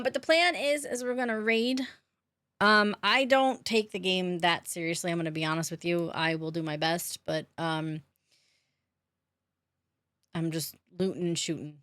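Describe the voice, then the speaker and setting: A woman's voice: on the low side, normal speed, long pauses, a bit bright, no echo, studio quality. A woman streaming a game, chatting casually with her viewers, greeting them by name, laughing often and swearing offhandedly. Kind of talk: casual live-stream chat while gaming. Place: her own room at home.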